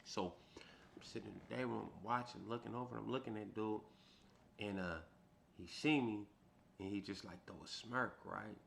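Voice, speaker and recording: A man from Sacramento with a low, gravelly voice tells a prison story in casual street talk. He keeps tagging his lines with "right?" in a laid-back, conversational way. A faint hiss of noise sits under his voice. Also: fairly even intonation, normal speed, a bit bright. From Sacramento, California.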